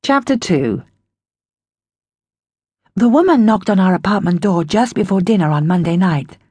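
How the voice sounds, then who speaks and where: Breathy, lively woman reading a children's book. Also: medium pitch, normal speed, no echo. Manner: expressive, storytelling. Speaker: audiobook narrator. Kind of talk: first-person children's book narration.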